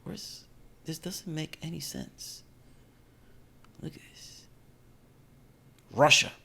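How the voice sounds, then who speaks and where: A man talks over video clips in a casual, indignant way. His pitch moves a lot, rising and falling as he reacts. His voice sits a little high for a man. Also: expressive, slow pace, vocal fry, sharp tone, a little hiss or hum. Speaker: commentator.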